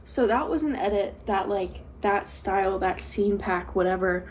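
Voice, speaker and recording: A woman's voice: mid-range voice, unhurried, a little hiss or hum. Giggly rambling woman podcast host. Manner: rambling, giggly, full of fillers. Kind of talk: casual chat.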